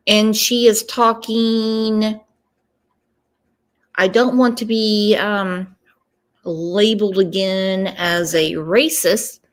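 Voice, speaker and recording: A woman giving casual true crime commentary, emphatic and stopping often to ask "okay?". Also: medium pitch. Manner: emphatic, repeats "okay?" for stress.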